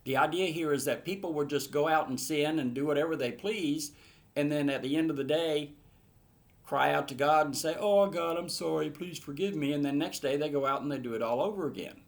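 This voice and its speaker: A man's voice: on the high side, fairly quick. A man teaching verse by verse through a Bible passage in an earnest manner, rising to emphatic bursts.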